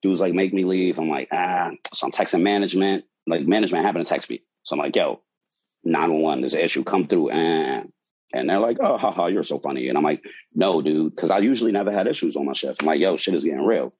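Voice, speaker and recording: A man's voice: extremely low pitch, fast, husky, lo-fi sound. A man, a bartender, telling a wild story from his shift in a casual, profane way, acting out quotes. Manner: animated, profane, acts out quotes.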